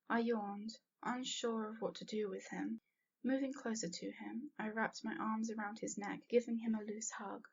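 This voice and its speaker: Breathy woman reading a fanfiction aloud. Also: medium pitch. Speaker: fanfiction reader. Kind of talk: first-person story reading. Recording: dull lo-fi home recording.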